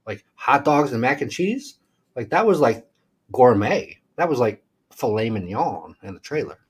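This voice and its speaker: A man's voice: medium pitch, very animated, normal speed, husky. A man co-hosting a casual livestream, joking and rambling as he reads comments from the chat. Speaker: livestream co-host. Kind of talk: casual live-stream chat.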